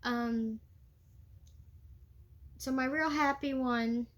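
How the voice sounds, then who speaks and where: A woman's voice: a little high, fairly even intonation, very slow. A young woman reenactor talking in a casual, chatty way, with many fillers and laughs. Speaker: living history reenactor. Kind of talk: casual vlog talk.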